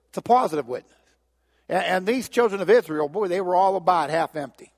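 A middle-aged man preaching a sermon, telling the story in an animated way and often repeating "and, and". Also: fairly high pitch, fairly quick. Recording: long hall reverb.

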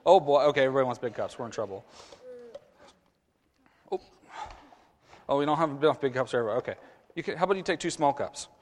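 A man's voice: mid-range voice, animated, fast, long pauses, a little hiss or hum. A man leading a children's message at a church service, coaxing the kids through a skit and a short prayer. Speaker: children's sermon leader. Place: church sanctuary. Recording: long church reverb.

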